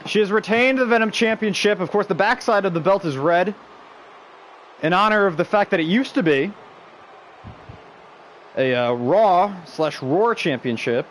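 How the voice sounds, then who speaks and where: A man calls video game wrestling matches in a loose, casual stream commentary. His voice sits a little high, and he gets excitable, shouting out the big moves before drifting into chat with viewers. A faint hiss runs underneath. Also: moderate pace, long pauses. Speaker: stream host and play-by-play commentator.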